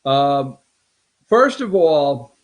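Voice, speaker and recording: A rambling man hosts a casual political commentary show. His voice sits on the higher side and leaps into loud, emphatic bursts before settling back down, and he jumps from point to point as he goes. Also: sing-song, drawn-out words.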